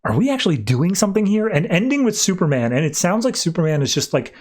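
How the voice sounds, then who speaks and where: A man on a podcast casually recapping a comic book, acting out the characters' lines in quick shifting voices. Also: high voice. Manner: animated, acts out character quotes in shifting voices. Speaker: podcast host.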